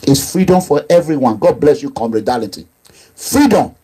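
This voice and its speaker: With a Nigerian accent and a mellow, slightly rough voice, a middle-aged activist leader delivers an animated monologue at a moderate pace. It's impassioned, emphatic and repetitive, full of low asides and raised outbursts.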